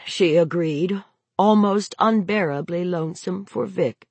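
A woman reads a novel aloud in a measured, expressive manner. Her low, husky voice rises and falls with lively pitch. She reads at a slow, careful pace. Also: no echo. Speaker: audiobook narrator. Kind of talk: scripted narration.

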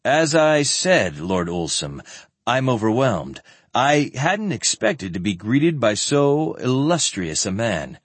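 A man voicing a calm, polite male knight who speaks quietly with mild irony. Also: medium pitch, slow, no echo. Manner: quiet, polite, mildly ironic.

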